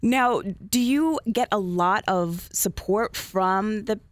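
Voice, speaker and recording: A woman's voice: mid-range voice, takes it slowly. Woman radio host, upbeat and encouraging, mid-range voice. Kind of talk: radio interview.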